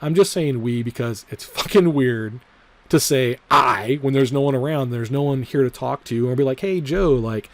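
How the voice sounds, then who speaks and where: A male vlogger talking loosely through his trades at a middle pitch. He rambles, swears freely and leans on filler words, circling back to the same points again and again. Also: moderate pace, a little hiss or hum. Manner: repeats his disclaimers over and over. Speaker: trading vlogger. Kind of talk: casual trading vlog commentary.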